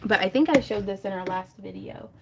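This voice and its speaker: A woman's voice: medium pitch, lively intonation, brisk, noisy background. A woman hosting a casual crafting livestream from home, chatting and laughing often as she reads viewers' comments.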